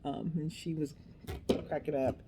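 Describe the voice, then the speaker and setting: A middle-aged woman speaks in a low-pitched, unhurried voice against a noisy background. As a craft vlogger, she rambles chattily while she works, talking to herself and poking fun at herself.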